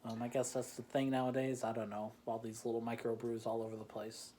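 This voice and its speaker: A man's voice: mid-range voice, little pitch movement, a little fast, dark tone. A man hosting a casual beer-tasting chat from home. He rambles, pokes fun at himself and laughs often. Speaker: host. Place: home in the Chicagoland area.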